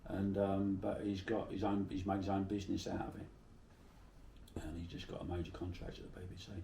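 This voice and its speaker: A man's voice: low-pitched, little pitch movement, fairly quick, vocal fry, mellow, echoey room, recorded from a distance, slight background noise. A middle-aged man from Bermondsey with a South London accent, telling salty stories in a casual interview. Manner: chatty, salty, swears freely while telling anecdotes.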